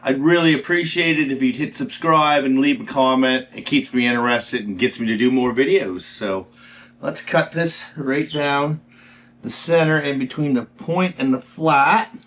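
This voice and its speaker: A man hosting a home cooking video, talking through each step and admiring the food with drawn-out, excited exclamations. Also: medium pitch. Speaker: cooking channel host. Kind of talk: cooking vlog narration.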